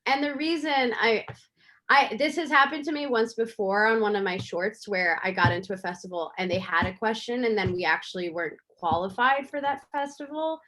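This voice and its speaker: A woman's voice: a little high, moderate pace. Chatty woman filmmaker telling a story. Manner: animated, chatty with many fillers. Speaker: filmmaker guest. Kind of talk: casual interview storytelling.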